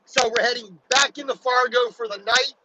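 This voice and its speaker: A man from Baltimore with a very high-pitched voice talks casually from his truck cab. He rambles, restarting sentences and dropping "you know" often. Heavy engine and road rumble fills the background. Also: fairly even intonation, moderate pace. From Baltimore, USA. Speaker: truck driver. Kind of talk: casual vlog talk while driving.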